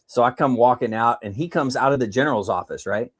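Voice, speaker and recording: A man telling service stories in a casual chat, animated and often laughing. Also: medium pitch, quick pace, slightly rough. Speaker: military veteran guest.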